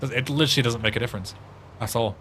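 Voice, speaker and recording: A man's voice: mid-range voice, fast, fairly bright tone, slight background noise. An English man streaming a game, chatting casually in a rambling way with frequent swearing and restarts. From England. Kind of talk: casual chat while playing a game.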